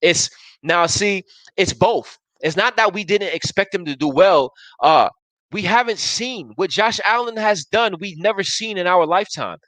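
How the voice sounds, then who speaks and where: A man's voice: high-pitched, moderate pace, a bit bright, dry recording, rough recording. A man in his thirties hosting a live sports talk show, arguing emphatically and restarting his sentences as he reads viewer comments. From Buffalo area, US. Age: 30s.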